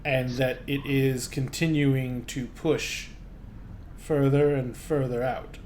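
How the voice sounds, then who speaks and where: A man voicing an older male gnome scholar who speaks slowly and cautiously. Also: mid-range voice, flat delivery, a little mellow, a little hiss or hum, natural voice. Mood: grave.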